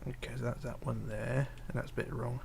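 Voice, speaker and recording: A man's voice: mid-range voice, level tone, brisk, vocal fry, noisy background. A man streaming live, reading viewer comments aloud and muttering to himself as he builds, with hesitant fillers. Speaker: livestreamer. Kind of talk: casual live stream chat while building.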